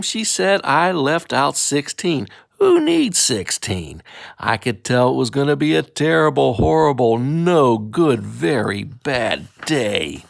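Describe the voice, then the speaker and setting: A man reads a bedtime story with playful energy, slipping into a grumpy child's complaints. His voice is gravelly and swings widely in pitch. The recording is dry and close. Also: fairly bright tone, no room sound. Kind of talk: animated bedtime story reading.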